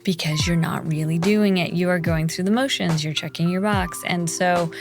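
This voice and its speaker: A woman's voice: lowish voice, fairly even intonation, normal speed, over music. A woman on a podcast, speaking candidly and thoughtfully in casual conversation. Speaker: podcast co-host.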